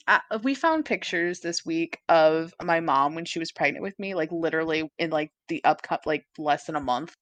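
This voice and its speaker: A woman's voice: low-pitched, moderate pace, no echo. Chatty young woman, dry close sound. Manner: chatty, swears freely, laughs often. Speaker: podcast co-host. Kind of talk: casual chat.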